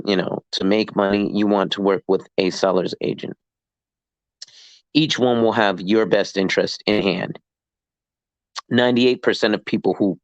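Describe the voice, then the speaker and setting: Low-voiced man explaining real estate casually. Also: dry recording, rough recording. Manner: animated, acts out dialogue in quick asides. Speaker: licensed real estate agent.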